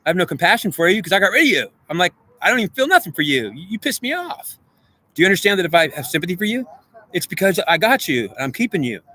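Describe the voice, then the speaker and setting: A man's voice: sits high, big pitch swings, very fast, bright, forceful tone, slight background noise. A man in a rambling, emotional monologue, pleading with an unseen goddess in an agitated, repetitive way. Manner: addresses an unseen goddess directly.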